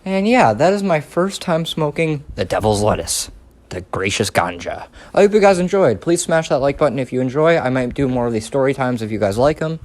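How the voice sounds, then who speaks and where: A man's voice: mid-range voice, animated, fairly quick, hardly any pauses, darkish tone. A young man telling a rambling, profane story in a casual vlog. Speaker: storytime vlogger.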